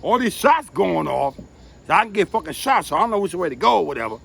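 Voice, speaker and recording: A man telling profane, animated street stories, who has been drinking. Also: high-pitched, fast, vocal fry, slightly rough. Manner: profane, animated street storytelling with sound effects. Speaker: interviewee. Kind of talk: casual storytelling.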